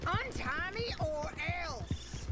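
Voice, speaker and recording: A woman's voice: extremely high pitch, expressive, slow pace, heavily acted. An actress voicing a scornful, defiant female outlaw held captive in a video game. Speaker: bounty target in a video game. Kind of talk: game character dialogue. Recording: game audio with loud music.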